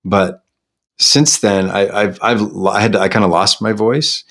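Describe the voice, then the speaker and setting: Man, middle-aged, from Canada, low-pitched, reflective, self-deprecating interview guest. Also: moderate pace, gravelly, a bit bright. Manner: reflective, self-deprecating, many restarts and fillers. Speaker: guest singer-songwriter. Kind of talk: candid conversational interview.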